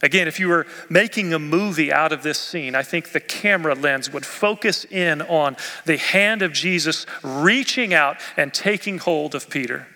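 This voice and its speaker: A male pastor preaching a sermon expressively, rising in force and dropping to near quiet. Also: fairly high pitch, moderate pace, few pauses. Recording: long reverb of a church hall.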